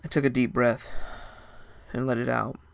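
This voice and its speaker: A man's voice: mid-range voice, flat delivery, moderate pace, vocal fry. A young man narrating a first-person story in a casual, dramatic way. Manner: casual, dramatic, with short laughs.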